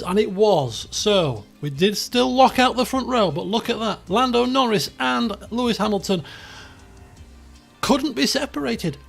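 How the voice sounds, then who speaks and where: A man's voice: high voice, vocal fry, a bit bright. A man streaming a racing management game, chatting casually in a rambling, self-deprecating way. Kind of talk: casual live-stream commentary.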